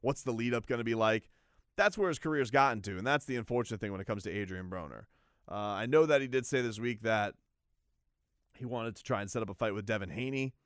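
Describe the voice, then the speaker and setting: A man hosting a sports radio show, talking casually in a rambling, animated way with many restarts. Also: lowish voice, quick pace, no echo, clean studio sound. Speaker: boxing radio host. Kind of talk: casual sports talk monologue.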